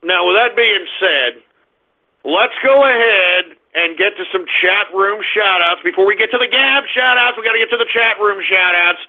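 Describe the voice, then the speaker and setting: A man's voice: sits high, moderate pace. A man hosting an internet radio show, giving a market rundown in a brash, crude, mocking ranting style. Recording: phone-like lo-fi audio.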